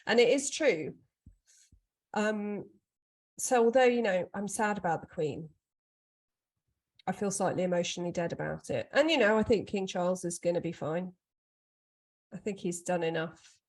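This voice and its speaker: A woman co-hosting a podcast, chatting casually and telling animated stories. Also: on the low side, normal speed, long pauses. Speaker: podcast co-host. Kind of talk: casual chat.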